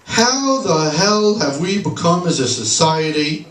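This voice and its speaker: A man doing a sarcastic stand-up comedy set in a bar, telling deadpan punchlines. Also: fairly high pitch, measured pace, slight background noise. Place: bar stage, live room. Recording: echoey bar recorded from a distance.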